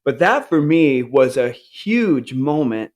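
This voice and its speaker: Animated man telling a candid personal story. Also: slow. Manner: earnest, animated, acts out upbeat self-talk in a higher voice.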